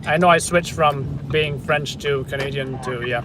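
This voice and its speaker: A man's voice: medium pitch, steady tone, normal speed, noisy background. Chatty man streaming from his car. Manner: chatty, thinking aloud. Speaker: live-streaming news videographer. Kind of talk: casual live-stream chat while driving. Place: in a car in city traffic.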